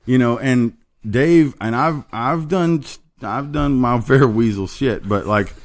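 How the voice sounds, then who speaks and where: A middle-aged man talks at an ordinary mid pitch as he hosts a casual podcast chat. He rambles through long stories, swears freely and acts out the voices of the people in them. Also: slow pace. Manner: rambling storyteller, profane, acts out the people he quotes. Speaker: podcast host.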